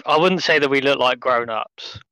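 Man, bright voice, dry joker, close dry recording. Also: medium pitch, normal speed, clean tone, no room sound, rough recording. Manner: dry, joking. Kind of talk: casual chat.

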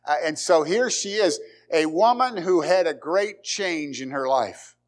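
Man preaching a lively sermon. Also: on the high side. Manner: conversational preaching with dramatic pauses and repeated phrases. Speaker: pastor. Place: church sanctuary.

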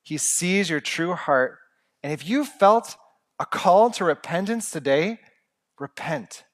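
An earnest young man delivering a sermon with a slightly higher-than-usual voice. He talks in a conversational way, slipping in humorous asides. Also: lively intonation, unhurried. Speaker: preacher.

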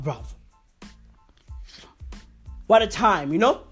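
Husky, excitable woman ranting comedically. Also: slow pace, long pauses, soft background music. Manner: excitable and profane, repeats slang catchphrases; sudden pitch jumps for comic emphasis. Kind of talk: comedic slang-heavy rant.

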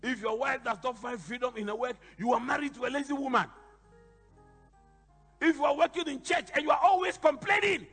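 A bishop preaching a sermon, telling animated stories with sudden shouted emphasis. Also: male voice, very high-pitched, brisk, slightly rough, in a large hall, soft background music.

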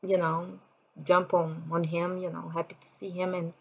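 A woman's voice: on the low side, little pitch movement, normal speed, vocal fry, breathy edge, dull audio. A middle-aged woman from Brazil with a Brazilian Portuguese accent, telling a personal story in a chatty way, full of "you know" fillers and acted-out quotes.

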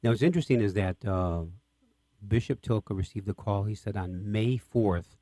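A man's voice: lowish voice, normal speed, warm tone, dry recording. A man hosting an interview who asks questions with enthusiasm. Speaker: host, interviewer. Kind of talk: radio interview.

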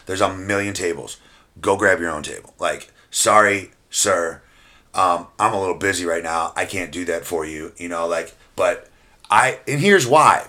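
Man, podcast co-host, casual storytelling, low-pitched, bright tone, profane, animated. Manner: animated, profane, laughs through stories. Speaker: podcast co-host and wrestling event booker.

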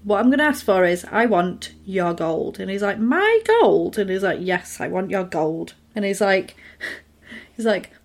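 A woman's voice: medium pitch, normal speed. A woman, chatting casually as she recaps a film and acts out the characters' lines. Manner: animated retelling, acting out the characters' lines. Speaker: podcast co-host recapping a film. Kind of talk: casual chat.

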